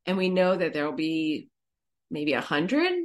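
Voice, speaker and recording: A woman's voice: low-pitched, expressive, a little slow. Brief: easygoing woman co-host, upbeat casual podcast chat.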